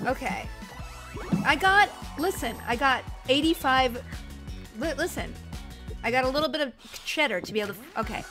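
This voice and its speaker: A woman streaming a party game with a friend, chatting excitedly, laughing and cheering loudly. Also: high voice, normal speed, pauses often. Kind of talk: excited gaming chat. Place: home streaming setup. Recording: game music behind. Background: game music.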